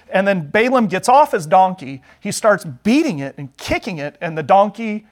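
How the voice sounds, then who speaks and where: A man's voice: high voice, big pitch swings, moderate pace. A man teaching an adult Sunday school class, retelling a Bible story in a chatty, joking way.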